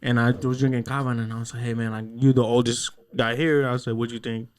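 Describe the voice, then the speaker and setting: A young man hosting a laid-back podcast, telling rambling stories in a mid-range voice. He swears freely and slips into quick impressions of the people he quotes. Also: medium pitch, little pitch movement, clear, resonant tone. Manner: rambling storyteller, heavy cursing, acts out voices in quotes. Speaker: podcast host. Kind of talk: casual podcast chat.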